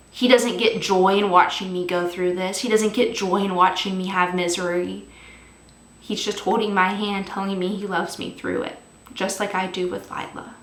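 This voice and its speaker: A woman's voice: lowish voice, a bit bright. Earnest young mother, echoey room. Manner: earnest, raw and heartfelt. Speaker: vlogger. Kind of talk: personal faith vlog.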